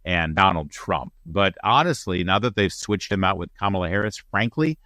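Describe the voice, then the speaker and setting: Male host, very deep voice, punchy and opinionated, dry close sound. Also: animated, normal speed, sharp tone, no echo. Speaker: show host. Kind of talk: political commentary.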